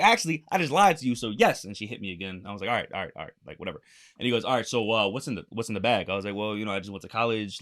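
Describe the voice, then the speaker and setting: A man's voice: on the low side, fairly bright tone. A young man telling a story on a casual podcast, swearing freely and acting out the quotes. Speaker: podcast co-host.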